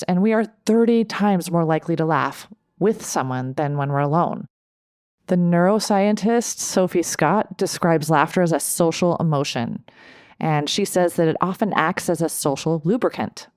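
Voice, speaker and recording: A middle-aged woman hosts her own coaching podcast and talks listeners through tips. Her voice sits a little low, and she keeps an upbeat tone, laughing easily and asking "right?" as she goes. The sound is close and dry, with no room around it. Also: darkish tone, dry recording. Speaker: life coach and podcast host. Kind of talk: solo podcast talk, coaching advice.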